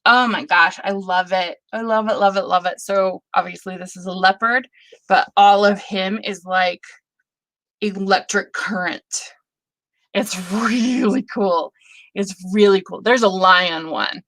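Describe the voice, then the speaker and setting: Middle-aged woman rambling and gushing on a live stream, bright voice, slow and dry. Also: medium pitch, steady tone, dry recording. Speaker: host. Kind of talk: live stream chat reacting to viewer projects.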